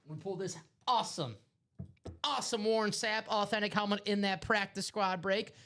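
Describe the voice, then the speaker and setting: A man's voice: high-pitched, moderate pace, sharp tone, slight background noise. Male live-stream host, Chicago accent, upbeat salesy banter with jokes. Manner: upbeat, joking, hyping items.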